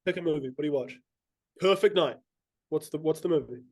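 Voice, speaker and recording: This is a man hosting a casual podcast, with a voice pitched a bit high for a man. He is playful and swears freely, and he slips into mock quoted voices to tease his guest. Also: fairly quick, no echo. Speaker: podcast host. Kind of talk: casual chat.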